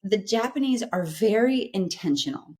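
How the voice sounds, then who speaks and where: A woman's voice: medium pitch, lively intonation, normal speed, darkish tone. A woman in her forties, a psychologist, talking earnestly in a casual interview and often checking in with "right?". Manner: earnest, explanatory, frequent "right?" tags. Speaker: guest, psychologist.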